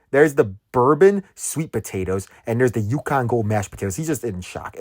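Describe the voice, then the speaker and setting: A man in a food vlog voice-over who gushes about every dish and fills pauses with "um" and "uh". His pitch leaps up and down with excitement, and the sound is dry and close. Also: dry recording. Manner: excitable, gushing, lots of fillers. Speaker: food vlogger. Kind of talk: casual food review voice-over.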